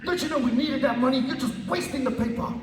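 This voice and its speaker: A man voicing an angry, poor father who scolds his daughter in a loud, raised voice. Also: very high voice, quick pace, recorded from a distance, crowd noise, voice pushed up. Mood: scolding. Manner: scolding, shouting. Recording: echoey hall, voice from afar.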